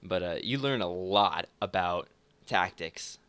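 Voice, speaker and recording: A man's voice: sits low, unhurried, fairly bright tone, smooth, no room sound. A young man chatting casually while playing a game, rambling with lots of restarts and frequent laughter. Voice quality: rambling, many fillers and restarts, laughs often. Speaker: gamer.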